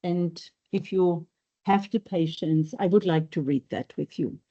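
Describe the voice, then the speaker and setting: A woman lecturer gives a seminar talk in a university room, speaking slowly and with measured thought. Her voice is mellow and low-key, with frequent pauses on um and uh. The recording is dull and lo-fi.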